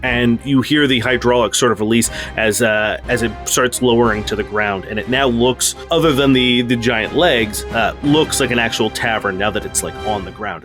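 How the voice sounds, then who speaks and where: A man's voice: medium pitch, a bit bright. Laid-back man narrating as game master. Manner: casual, loose narration with many fillers.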